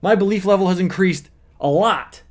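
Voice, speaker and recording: A man's voice: sits high, normal speed. A man speaking as a manifesting coach, explaining step by step in an earnest teaching monologue with repeated emphasis.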